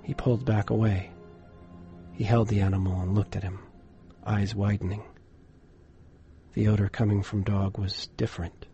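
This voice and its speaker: A man narrating a horror story in a measured, dramatic way, dropping to a hush for suspense. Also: lowish voice, flat delivery, dull audio, soft background music.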